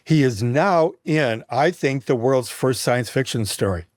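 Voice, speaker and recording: A man guesting on a talk show, retelling an ancient myth with lively expression and frequent restarts. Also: mid-range voice, unhurried, dry recording, clean studio sound. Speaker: guest, mythologist and writer. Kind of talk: animated storytelling in conversation.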